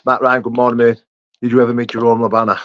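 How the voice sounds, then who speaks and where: A man's voice: medium pitch, flat delivery, fast. A young man hosting a casual live chat, reading out viewers' names and answering their questions. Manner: reads out viewer names and greets them, chatty and matey. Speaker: livestream host answering chat. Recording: dull muffled sound.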